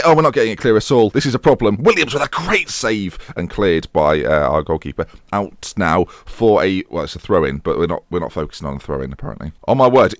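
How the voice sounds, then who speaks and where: A young man commenting on his own football management game, chatty and self-mocking, excitable when the match heats up. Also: fairly low pitch, no room sound, clean studio sound. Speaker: gaming YouTuber.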